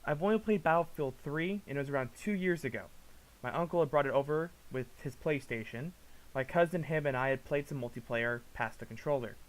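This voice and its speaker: A man giving casual reaction commentary, ranting in an exasperated, profane way that swings between low mutters and loud outbursts. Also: fairly quick, poor audio. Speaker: commentary vlogger.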